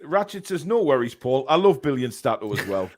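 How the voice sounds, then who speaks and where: A man's voice: medium pitch, sing-song, a little fast. A man hosting a casual football podcast, reading out live chat comments with lots of ums and uhs.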